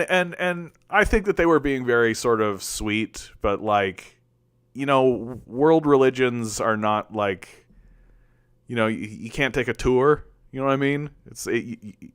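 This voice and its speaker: A man from Canada hosts a casual political commentary livestream and talks straight to his chat. His voice is smooth and clear, recorded dry and close to the mic. He rambles, restarts his sentences often and leans on filler words. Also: mid-range voice, a bit bright, no room sound.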